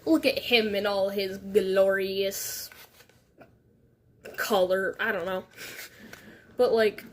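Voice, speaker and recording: A woman's voice: medium pitch, steady tone, slow pace, slight background noise. A woman talks to her livestream viewers from her bedroom through a phone set on a tripod. She rambles, giggles often and pokes fun at herself. Her voice sits at an ordinary middle height. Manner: rambling, giggly, self-deprecating. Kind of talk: casual livestream chat. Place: her bedroom, on a beanbag chair.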